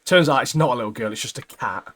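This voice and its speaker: A man chats casually about anime on a podcast. His voice sits at an ordinary middle pitch, and he rambles along with plenty of fillers and restarts. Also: fast, a bit bright. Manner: rambling, many fillers, laughs at own retelling. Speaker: podcast co-host. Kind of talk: casual anime recap chat.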